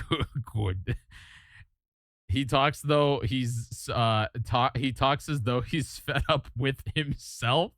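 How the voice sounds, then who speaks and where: Bright-voiced man rambling on a live stream. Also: mid-range voice, fairly even intonation, takes it slowly, hardly any pauses, no echo, clean studio sound. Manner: rambling, stammering, easily amused. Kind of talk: casual live-stream chat.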